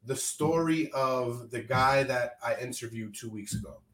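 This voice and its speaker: A man's voice: mid-range voice, measured pace, fairly bright tone. Man hosting a loose, profane podcast. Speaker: podcast host. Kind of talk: casual podcast chat. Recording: roomy echo, faint noise.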